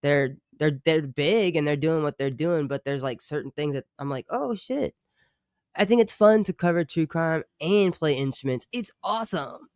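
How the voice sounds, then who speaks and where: A slightly high-voiced man rambles through a live stream, swearing freely and breaking off to answer his chat. His voice is smooth and clear, and it is recorded dry and close, with no room sound. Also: moderate pace, hardly any pauses, no echo. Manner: profane, rambling, animated asides to chat. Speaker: true crime streamer and musician.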